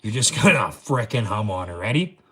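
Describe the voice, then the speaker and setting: A man's voice: on the low side, big pitch swings, fairly quick, pushed and bright, breathy edge. A man hosting a casual livestream, joking crudely, laughing often and reading viewer comments. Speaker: livestream host.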